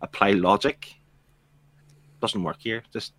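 A man's voice: fairly low pitch, steady tone, takes it slowly, fairly bright tone, slight background noise. A man on a book club podcast, chatting casually and often restarting his sentences.

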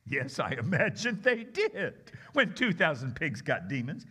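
A male guest preacher tells the story with lots of animation, his voice rising and falling over a wide range. His tone is bright and forceful, and he talks in a casual, conversational way, moving from loud bursts to hushed asides. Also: fairly high pitch, measured pace, slightly rough. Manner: expressive, conversational, swings between loud and hushed.

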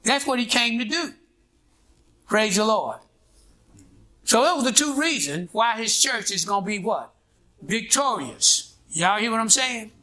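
Bright-voiced preacher calling out to his flock. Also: high voice, very animated, measured pace, long pauses. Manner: preaching with rhetorical "what?" and "huh?" prompts. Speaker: pastor. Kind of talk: call-and-response sermon. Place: church with a responding congregation.

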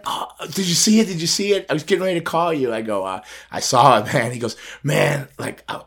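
A man's voice: medium pitch, a bit bright. A middle-aged man telling a personal story in casual chat, acting out phone calls and laughing often. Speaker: podcast host telling a story.

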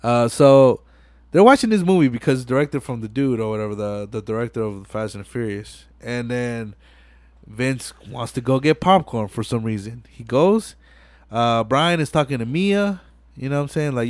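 A man's voice: medium pitch, moderate pace, dry recording, studio quality. Casual male podcast host retelling a movie. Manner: animated retelling with profanity, acts out lines. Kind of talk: casual movie recap chat.

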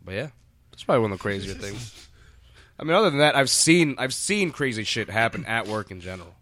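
A man's voice: medium pitch, very animated, brisk, pushed and bright, dry recording. A man who works as a bartender, telling rambling, profane stories in a casual podcast chat. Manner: rambling, many fillers and restarts, swears freely.

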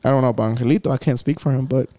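A young man from Texas telling a night-out story among friends, animated and profane, with Spanish fillers in his English. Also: medium pitch, rapid-fire. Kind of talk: casual chat among friends.

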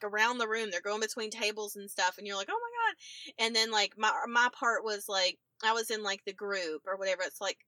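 A woman's voice: medium pitch, bright, forceful tone, dry recording, rough recording. A woman co-hosting a podcast in casual chat, talking from a clothes closet, laughing often and saying "like" a lot. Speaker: podcast co-host.

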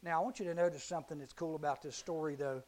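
Middle-aged male youth speaker with a high voice, animated Bible storytelling. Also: racing. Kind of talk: youth sermon.

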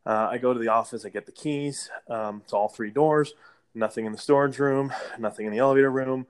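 A man's voice: mid-range voice, fairly quick, smooth. A man who works as a property manager, telling a rambling work story in a casual interview, with restarts and light laughter.

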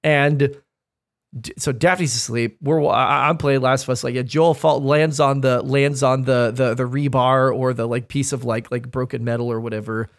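A man's voice: mid-range voice, fairly even intonation, moderate pace. A man co-hosting a podcast, telling stories in casual chat, emphatic and profane. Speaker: podcast co-host.

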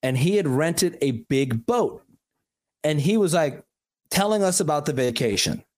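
Man co-host, slightly high voice, rambling and earnest, casual. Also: expressive, a little slow, darkish tone. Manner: rambling, lots of fillers and restarts, earnest. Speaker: podcast co-host. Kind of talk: casual chat.

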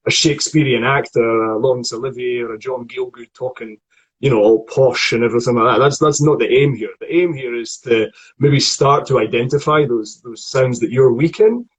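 Scottish male voice coach, husky, conversational teaching tone, lots of restarts. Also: medium pitch, brisk, low-quality recording. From Scotland. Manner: chatty, explanatory, frequent restarts. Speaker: acting voice coach. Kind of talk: online acting lesson conversation.

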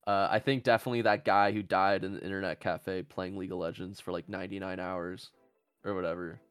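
A man's voice: deep voice, steady tone, fast talker, a bit bright, clear, resonant tone, dry recording, soft background music. A man hosting a casual comedy podcast, joking and swearing as he rambles. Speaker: podcast host.

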